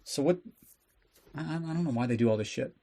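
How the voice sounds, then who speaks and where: A podcast host recaps a film casually and sarcastically, swearing and riffing on the plot as he goes. His voice sits on the high side with a dark tone, and he talks briskly in this comedic movie rundown.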